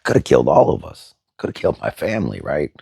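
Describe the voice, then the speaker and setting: A man's voice: very deep voice, very animated, quick pace, vocal fry, a little mellow, breathy edge, dry recording. A middle-aged man telling a story casually to his viewers, blunt and profane, with many fillers. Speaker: vlogger.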